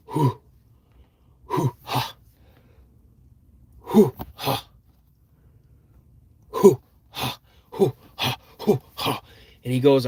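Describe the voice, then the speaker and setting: Man slowly telling a suspenseful story. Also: mid-range voice. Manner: slow, suspenseful storytelling with frequent restarts and repeated words. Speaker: podcast host. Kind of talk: retelling an eyewitness encounter story.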